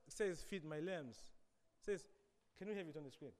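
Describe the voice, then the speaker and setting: Guy preaching, kinda high voice, big swings loud to soft, echoey church hall. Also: lively intonation, moderate pace. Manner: dramatic, swings between loud emphasis and quiet asides. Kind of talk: sermon.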